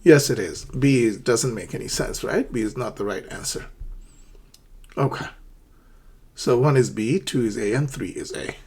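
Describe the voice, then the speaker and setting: A man's voice: medium pitch, expressive, moderate pace, long pauses, darkish tone, breathy edge. A man teaching English phrases for shopping, explaining step by step and acting out short shop dialogues, with many check-ins like "okay". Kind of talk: English lesson for learners.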